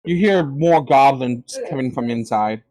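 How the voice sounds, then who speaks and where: A man running a tabletop game as game master, narrating in a loose, hesitant way with many fillers. His pitch is middling. The sound is dry and close to the mic. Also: lively intonation, a little slow, warm tone, no room sound.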